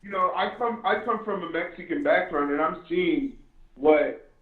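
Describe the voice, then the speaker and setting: A man's voice: high voice, normal speed. A man calling in to a talk show, speaking earnestly and repeating himself. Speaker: caller. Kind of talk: phone-in call. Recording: tinny echoey phone line.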